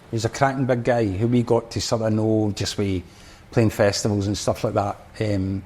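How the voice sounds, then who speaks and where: A man's voice: medium pitch, mellow. A man with a Scottish accent, a podcast guest and former drummer, telling a rambling story full of restarts and fillers. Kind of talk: casual storytelling.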